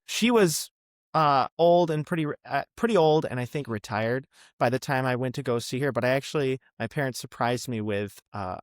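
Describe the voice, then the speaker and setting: A man's voice: medium pitch, no room sound, studio quality. Chatty young man with many ums. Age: young adult. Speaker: podcast guest. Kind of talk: casual interview chat.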